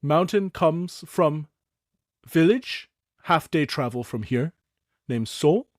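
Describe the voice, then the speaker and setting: A man's voice: fairly high pitch, expressive, takes it slowly, no echo, clean studio sound, pitched above the performer's own voice. A man voicing a very old female goblin village elder who speaks kindly in broken grammar. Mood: friendly. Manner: broken grammar, warm and formal.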